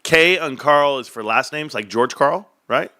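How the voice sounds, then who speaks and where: This fairly high-pitched man speaks a little slowly with a sharp tone, and there's no room sound. He's a stock market vlogger in his 40s, joking and rambling through a casual rant full of tangents for his viewers.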